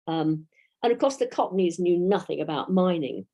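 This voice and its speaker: A woman with a British English accent gives a history lecture, reading out dates and quotations at a measured pace. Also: on the low side, lively intonation, creaky, warm tone. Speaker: historian giving a talk.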